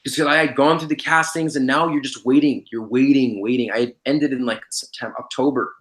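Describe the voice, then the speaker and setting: A man's voice: medium pitch, steady tone, brisk, a bit bright. A young man in casual podcast chat, laid-back and slangy, rambling with lots of fillers. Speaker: podcast guest, former reality show contestant.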